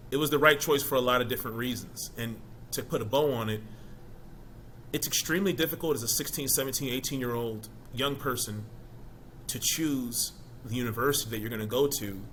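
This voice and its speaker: A man's voice: medium pitch, bright, forceful tone, a little hiss or hum. A man guest in an interview, talking casually and with emphasis about his college choice, often checking in with his listener. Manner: conversational, emphatic, asks "you know what I mean?". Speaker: interview guest, former college football player.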